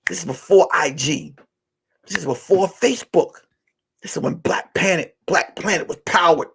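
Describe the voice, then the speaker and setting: A male comedian and podcast host telling a wild story, acting out the people in it and swinging from hushed lines to shouting. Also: fairly high pitch, moderate pace, slight background noise.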